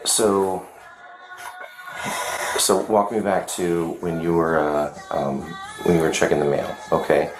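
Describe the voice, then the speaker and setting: A man, a police officer, asking questions calmly, with frequent hesitations and repeated words. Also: sits low, takes it slowly, pauses often, echoey room, music in the background, low-quality recording. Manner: calm, hesitant, repetitive questioning.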